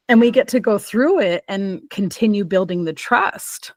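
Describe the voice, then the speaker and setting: Lively, expressive woman parenting coach. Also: medium pitch, normal speed, no echo. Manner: lively, expressive, laughs easily. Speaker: guest, child behavior specialist and parent coach. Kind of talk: casual conversation.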